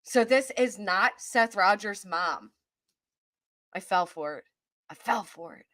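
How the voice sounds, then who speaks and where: A woman's voice: medium pitch, expressive, slow, fairly bright tone, no room sound, clean studio sound. A woman with a Kentucky accent hosting a casual live-stream chat, reading out and greeting viewers by name as she talks.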